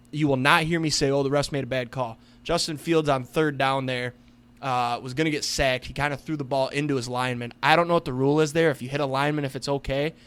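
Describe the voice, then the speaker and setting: A man's voice: fairly high pitch, a bit bright. A young man co-hosting a casual sports podcast, ranting heatedly with lots of swearing. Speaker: podcast co-host.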